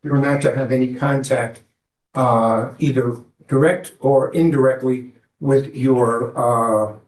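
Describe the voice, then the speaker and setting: A male defense attorney questions his client in court, stopping often on filler sounds between his questions. His voice sits in the middle range. The courtroom echo is clearly heard around him. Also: mid-range voice, fairly even intonation. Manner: halting, many filler pauses. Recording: echoey courtroom.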